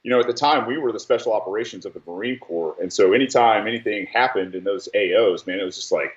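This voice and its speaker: A man's voice: fairly low pitch, quick pace. A man in his thirties hosting a podcast, talking casually in heated, profane stories. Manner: heated, profane storytelling with exaggerated quotes. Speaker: podcast host, military veteran. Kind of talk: casual chat. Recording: roomy, distant, dull-sounding mic.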